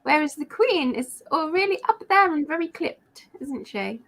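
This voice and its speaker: A woman's voice: high-pitched, expressive, moderate pace, fairly bright tone. A woman chatting casually with friends, making emphatic points and closing many of them with tag questions. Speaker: chat participant. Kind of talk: casual chat among friends.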